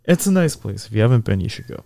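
A man co-hosting a casual podcast, talking in a relaxed, reflective way and laughing easily. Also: fairly low pitch, fast talker, gravelly, slight background noise. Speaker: podcast co-host.

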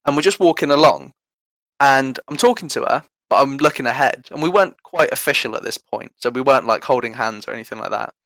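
A man's voice: medium pitch, quick pace, a bit bright, dry recording, low-quality recording. An eighteen-year-old man with an English accent telling rambling, self-deprecating stories in a casual podcast chat. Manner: rambling, self-deprecating anecdotes, laughs often. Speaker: guest storyteller.

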